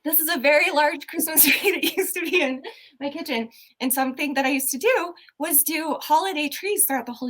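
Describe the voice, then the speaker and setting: A woman hosting a casual podcast chat, animated and exclamatory. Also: sits high. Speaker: podcast host.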